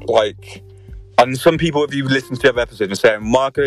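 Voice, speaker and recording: A man's voice: mid-range voice, quick pace, faint music behind. A young man hosting a podcast, telling a rowdy story with constant swearing and laughter. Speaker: podcast host. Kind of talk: casual storytelling chat.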